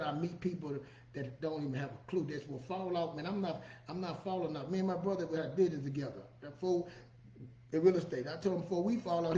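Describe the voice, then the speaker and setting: Middle-aged man hosting a casual monologue, a bit high-pitched, recorded in an echoey room. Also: darkish tone. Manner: folksy, repeats "you know what I'm saying". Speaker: podcast host. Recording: echoey room, dull lo-fi sound.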